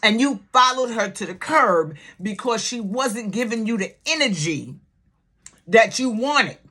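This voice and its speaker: A middle-aged woman talks straight to her viewers in a casual vlog. She is loud and blunt and swears freely. Grief over a loss shows at times in her voice. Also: on the high side, lively intonation, measured pace. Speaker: YouTube reality-TV commentator.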